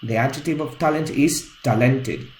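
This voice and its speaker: A man's voice: medium pitch, normal speed, roomy sound, slight background noise, low-quality recording. A man teaching an English grammar lesson, patiently explaining each point step by step.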